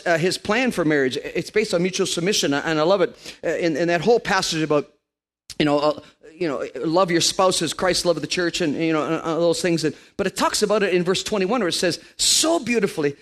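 A man in his fifties preaching a lively, joking sermon to a congregation in a church. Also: high voice. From Canada. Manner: animated, joking, playful put-on voices.

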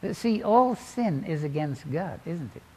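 A man preaching a sermon, telling the story dramatically and swinging between loud exclamations and quiet asides. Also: fairly high pitch, very animated, a little slow, breathy edge.

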